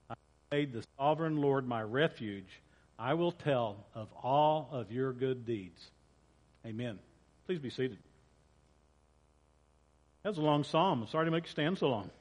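A man preaching as a pastor, reading scripture in a casual way and often repeating and correcting himself. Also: mid-range voice. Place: church sanctuary. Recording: long church reverb.

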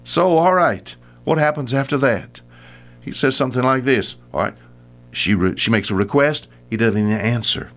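An older man, a radio Bible teacher, giving a homespun, animated Bible talk and acting out the voices in the story. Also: mid-range voice, normal speed.

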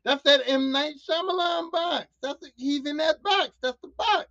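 Woman podcaster for a solo rant: animated, profane, repeats lines for punch, dull dry lo-fi sound. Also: high-pitched, moderate pace, dry recording. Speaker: podcast host.

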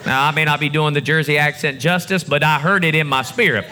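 A male pastor delivers a sermon to a church congregation, his voice sitting high and ringing bright. He preaches with building emphasis in a call-and-response style. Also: fairly even intonation, fairly quick. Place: church service before a congregation.

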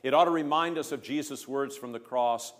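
A male pastor delivering a sermon in a measured, emphatic way, pressing hard on key words. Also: mid-range voice. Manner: emphatic, measured preaching with rising stresses. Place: church. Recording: long church reverb.

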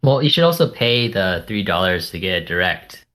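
A young adult co-host on a casual podcast who heckles the host and picks apart his wording with dry teasing. The voice is bright and forward. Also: low voice, very animated, moderate pace.

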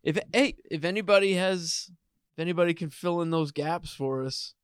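A man's voice: fairly high pitch, moderate pace, smooth, dry recording, clean studio sound. A man co-hosting a comedy podcast, laughing often and reading out a phone number. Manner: laughs a lot, brief replies. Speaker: podcast co-host. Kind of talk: casual comedy chat.

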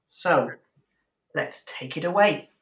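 A woman's voice: low voice, slow pace, reverberant. A woman hosting an improv show, casually explaining a game to the players with fillers.

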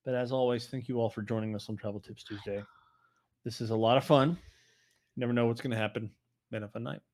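Laid back podcast host guy, middle pitch, lots of ums and yeps. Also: fairly even intonation, fast, darkish tone. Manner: easygoing, affirming, many ums. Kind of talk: casual chat.

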